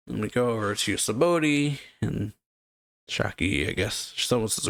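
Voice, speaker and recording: A man's voice: mid-range voice, normal speed, vocal fry, a bit bright, no room sound, clean studio sound. A man casually retelling a comic chapter as a reaction host, loose and rambling with many fillers. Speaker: manga reaction YouTuber.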